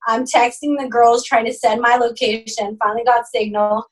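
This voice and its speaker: A young woman telling a story to her friends, fairly high-pitched and recorded a little away from the mic. She swears freely and acts out what everyone said, jumping way up in pitch at the wild moments. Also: normal speed, recorded from a distance, rough recording. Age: young adult. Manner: animated, swearing, acts out quotes with big pitch jumps. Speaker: podcast co-host. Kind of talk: casual storytelling chat.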